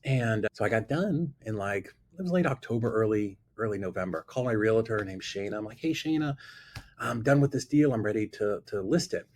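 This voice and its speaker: A man telling an animated story about his past, acting out both sides of a conversation. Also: lowish voice, fairly quick. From Florida. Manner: lively storyteller who acts out both sides of dialogue. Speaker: guest investor telling a story. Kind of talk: animated anecdote on a talk show.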